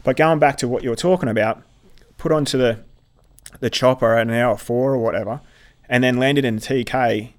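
Middle-aged aussie guy, earnest and stop-start, ordinary mid voice. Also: medium pitch. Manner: earnest, halting, with repeated restarts. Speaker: military veteran guest. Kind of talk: personal storytelling in conversation.

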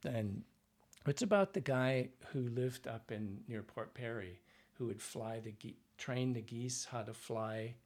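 A Canadian man, a dialect coach, telling animated anecdotes in a relaxed interview and acting out other people's voices. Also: mid-range voice, measured pace. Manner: animated anecdotes, acts out voices, frequent fillers. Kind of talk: conversational interview storytelling.

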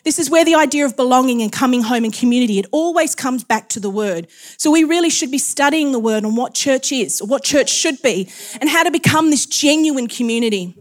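A woman's voice: sits high, expressive, fairly quick. A woman preaching a sermon in a chatty way, with frequent laughs and self-deprecating asides.

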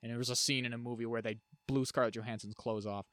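A man co-hosting a podcast in casual chat, animated and jokey, often trailing off into mutters. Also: medium pitch, quick pace, no room sound, clean studio sound. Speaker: podcast co-host.

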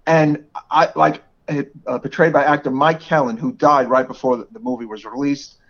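A man's voice: mid-range voice, fairly even intonation, moderate pace, a bit bright. A man in his forties with a New York area accent, co-hosting a podcast in casual chat and laughing often. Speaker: podcast co-host. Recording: dull lo-fi podcast audio.

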